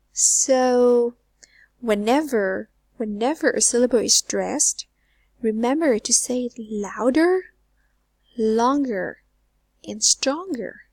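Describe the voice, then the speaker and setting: A woman teaching an English lesson, asking learners questions and repeating words slowly, with phrase ends trailing to a near whisper. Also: a little high, a little mellow, dry recording. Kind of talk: recorded online lesson.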